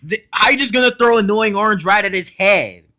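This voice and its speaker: A man hosting a casual reaction video, excitable and blunt, talking in slang straight to his viewers and cutting in often to comment. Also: high voice, fairly quick, soft background music. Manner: excitable, blunt and profane, keeps interrupting with "hold up".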